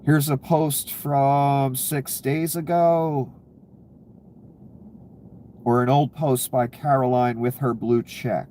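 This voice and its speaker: A man's voice: mid-range voice, takes it slowly, darkish tone, a little hiss or hum. A man giving casual, profane political commentary, ranting and sarcastic, laughing at his own jokes.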